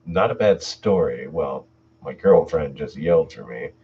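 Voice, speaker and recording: A man's voice: a bass voice, animated, measured pace, vocal fry, mellow, a little hiss or hum. A man hosting a live stream, reading horror stories aloud and chatting casually with viewers between them. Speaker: channel host and story narrator. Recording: distant mic, dull lo-fi sound.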